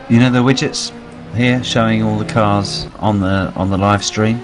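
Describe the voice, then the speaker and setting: A man's voice: on the low side, fairly even intonation, moderate pace, music in the background. A man in casual chat from the commentary box, curious and a little tired.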